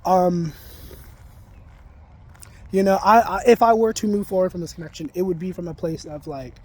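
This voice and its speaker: A man talking straight to camera in a casual confessional vlog, emphatic and ranting, swearing freely, then giving gentle reminders. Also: high-pitched, fairly even intonation, normal speed, husky. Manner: reflective, self-help reminders. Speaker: vlogger.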